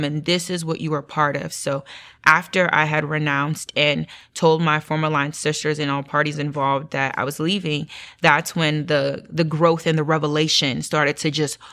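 A young woman tells her testimony in an interview, her voice sitting a little low. She talks in a lively, storytelling way, jumping up in pitch when she acts out her own past words. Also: moderate pace. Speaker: guest sharing testimony.

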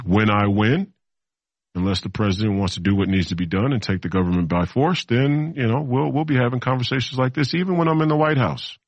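A man's voice: on the low side, no echo, lo-fi sound. A man in his thirties hosting a political talk show, delivering a rambling monologue that repeats itself, with mocking asides. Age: 30s.

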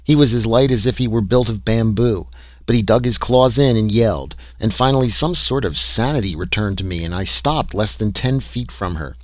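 A man narrating a story in an expressive, dramatic reading style. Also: lowish voice, moderate pace, no room sound. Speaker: audiobook narrator.

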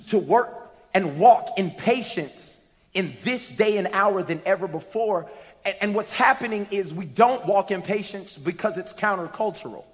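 A man preaching a sermon, telling stories and rising to shouts and sing-song lines. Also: sits high, in a large hall. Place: church.

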